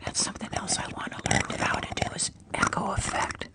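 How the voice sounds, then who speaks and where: An older woman hosting a live stream from her phone, chatting in a whisper that sometimes slips into her normal voice. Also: brisk. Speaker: ASMR livestream host.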